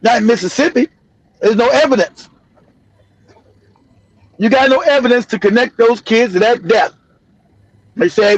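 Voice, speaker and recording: Middle-aged guy streaming, high-ish voice, blunt n repetitive, dry dull audio. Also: moderate pace, long pauses, dry recording. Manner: blunt, emphatic, repeats himself, laughs often. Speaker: show host. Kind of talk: casual live-stream commentary.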